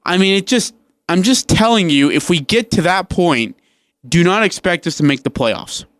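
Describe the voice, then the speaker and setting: Male sports radio co-host, emphatic and opinionated, slightly higher voice, dry studio sound. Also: expressive, normal speed, fairly bright tone, no room sound. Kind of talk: casual sports talk.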